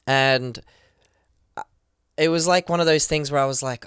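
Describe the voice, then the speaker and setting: A man on a podcast as a guest, telling a story casually, excitedly and quickly, with lots of "like" and acted-out quotes. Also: on the high side, clear, resonant tone, no echo, clean studio sound. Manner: excited, rapid retelling full of "like" and acted quotes. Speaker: podcast guest, professional dancer.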